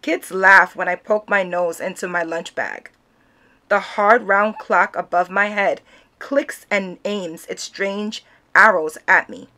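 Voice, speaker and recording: A woman reads a children's picture book aloud at a slow, unhurried pace. She narrates expressively, giving each line room, in the manner of a read-aloud storyteller. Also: mid-range voice, steady tone, bright, forceful tone.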